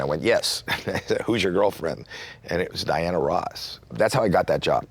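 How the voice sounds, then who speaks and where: A man in his sixties from Canada, a comedian telling a story in an interview and acting out quotes with sudden jumps in pitch. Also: expressive, moderate pace, slightly rough, no echo. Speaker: comedian guest.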